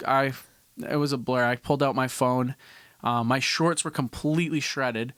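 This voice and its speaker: A man's voice: medium pitch, fairly even intonation, moderate pace, a bit bright, smooth, dry recording. Young man rambling through a story. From Canada. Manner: rambling, frequent restarts and casual swearing. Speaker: podcast host. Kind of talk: casual storytelling.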